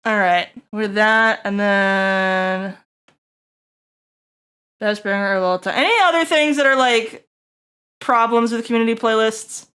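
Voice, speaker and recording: Young woman streamer just rambling to chat, swears, laughs, kinda high pitched. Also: measured pace, long pauses, bright, forceful tone, clean tone. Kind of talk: casual live-stream chat.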